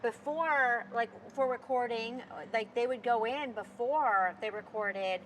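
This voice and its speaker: A woman's voice: on the high side, measured pace, a bit bright, a little hiss or hum, rough recording. A woman in casual chat about music, rambling with lots of fillers and restarts. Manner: rambling, filler-heavy with many "like"s. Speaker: podcast co-host.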